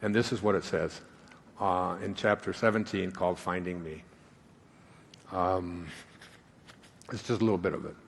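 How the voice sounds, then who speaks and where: A man giving a live spiritual talk, who tells a rambling personal story and then reads aloud slowly and with emphasis. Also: deep voice, creaky, slight background noise. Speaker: spiritual speaker. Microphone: handheld microphone.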